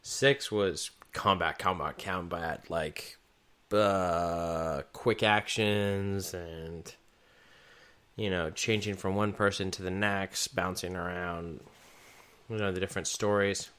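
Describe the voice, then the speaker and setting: Low smooth-voiced man rambling about games. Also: steady tone, takes it slowly, a bit bright. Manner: rambling, many restarts and fillers. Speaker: podcast co-host. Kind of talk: casual gaming chat.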